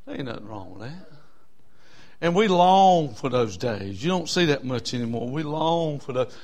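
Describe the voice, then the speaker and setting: A man, telling a story in a sermon in a folksy, animated way, with bursts of whooping. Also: medium pitch, normal speed. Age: 60s.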